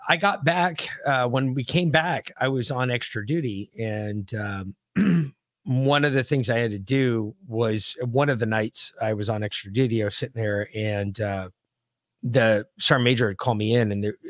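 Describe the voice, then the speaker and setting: A podcast co-host tells a long, casual story in a medium-pitched male voice at a moderate pace, recorded dry. He rambles profanely, swearing often and filling the tale with fillers and restarts.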